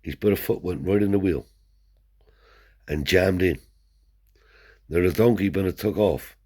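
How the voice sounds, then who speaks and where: Older fella spinning old yarns, really low mellow voice, swears a lot. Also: male voice, measured pace, breathy edge. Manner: broad dialect, frequent swearing, "see?" tags. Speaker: Romany traveller storyteller. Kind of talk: rambling oral storytelling.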